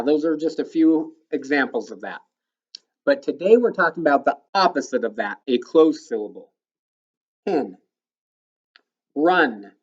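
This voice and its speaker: A male elementary school teacher giving a recorded phonics lesson to children, patiently explaining step by step and sounding words out slowly. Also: on the high side, dull audio.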